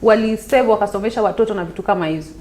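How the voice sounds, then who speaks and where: A woman's voice: mid-range voice, racing, darkish tone, a little hiss or hum. A Kenyan woman from Nairobi, a talk show guest, speaking emphatically and repeating her points while mixing Swahili and English.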